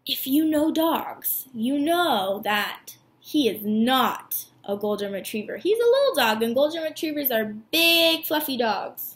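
A woman teacher reads a children's picture book aloud to her students in a warm, animated way. Her voice is high and swings widely. The recording has a noticeable room echo. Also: measured pace, hardly any pauses. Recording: echoey room.

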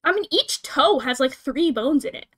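Giggly woman streamer, high voice. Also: expressive, moderate pace. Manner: giggly, rambling. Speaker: streamer host. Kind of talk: casual chat.

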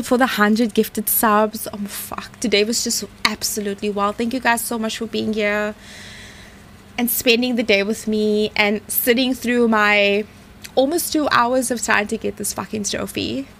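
A young woman streaming a game, talking in a shaky, breathless, excited way. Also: a little high, normal speed. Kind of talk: live game stream chat. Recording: faint background noise.

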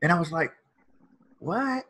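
A man's voice: fairly high pitch, fairly quick, a bit bright, husky. A man, a motivational speaker and author, earnestly telling a personal story as a guest in an interview.

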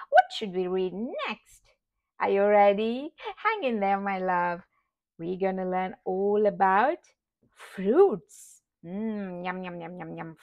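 Brief: female parent reading to a toddler, very slow, bouncy lively pitch, sing-song repetition. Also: lo-fi sound. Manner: repetitive, sing-song, imitates animal sounds. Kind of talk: slow read-aloud for babies.

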